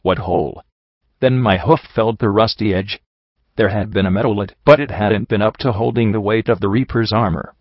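A man narrating a first-person story as an audiobook, reading in a steady, even way. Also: fairly low pitch, brisk, no echo. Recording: dull, dry.

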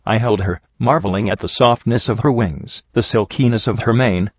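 Man narrating fan fiction, low voice, dull muffled sound, dry. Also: no echo. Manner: steady, measured first-person narration. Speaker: audiobook reader. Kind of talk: storybook narration.

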